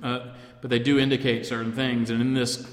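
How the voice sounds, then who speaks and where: A man gives an informal Bible class lecture, speaking in a thoughtful, halting way and restarting his phrases as he goes. His voice carries a roomy echo with a long reverb tail. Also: medium pitch, level tone. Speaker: Bible study teacher. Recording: echoey room with long reverb.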